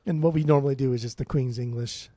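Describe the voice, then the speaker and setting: Opinionated, animated man podcast host. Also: medium pitch, fast talker, no room sound. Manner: animated and opinionated, swears often. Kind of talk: casual chat about music.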